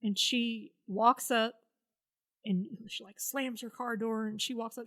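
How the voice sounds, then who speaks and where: Woman, podcast guest, slightly high pitch, blunt, profane, acts out quoted lines. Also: fairly even intonation, a little slow, a bit bright. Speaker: podcast guest, Navy veteran. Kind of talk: candid personal storytelling.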